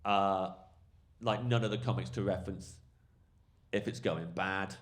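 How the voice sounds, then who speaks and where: A male comedian telling a rambling, animated anecdote on a podcast, full of fillers. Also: deep voice, unhurried. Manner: rambling, animated storytelling, lots of fillers and swearing. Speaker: comedian guest.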